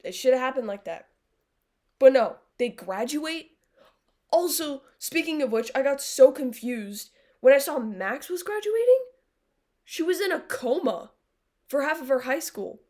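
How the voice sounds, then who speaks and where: A young woman with a fairly high voice chats casually on a live stream. She is blunt and sarcastic, and she swears freely. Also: lively intonation, unhurried, a little mellow. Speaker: livestreamer. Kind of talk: casual chat with viewers.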